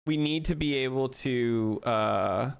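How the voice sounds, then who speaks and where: A young man live-streams while coding, talking casually to his chat in a smooth, medium-pitched voice with vocal fry. He speaks slowly, laughs often and thinks out loud, restarting his sentences.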